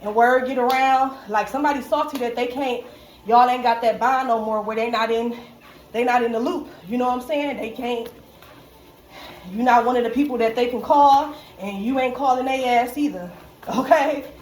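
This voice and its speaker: A woman's voice: a little high, fairly even intonation, moderate pace, a little mellow. A woman giving a casual tarot reading, slangy and profane, who keeps checking in with "okay?" and laughs often. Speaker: tarot reader. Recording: echoey room with faint background noise.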